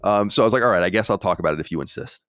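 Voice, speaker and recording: A man hosts a casual podcast chat. His voice sits low and moves widely in pitch as he tells stories and reads listener mail. The sound is close and dry, with no room around it. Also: very fast, no echo. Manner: animated storyteller, reads listener mail aloud. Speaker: podcast host.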